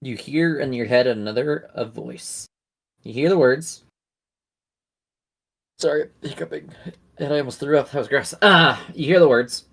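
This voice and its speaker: A man's voice: medium pitch, normal speed, vocal fry, long pauses, fairly bright tone. A man running a tabletop game as dungeon master, casual and self-mocking, with some swearing. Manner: casual, laughs at himself, swears.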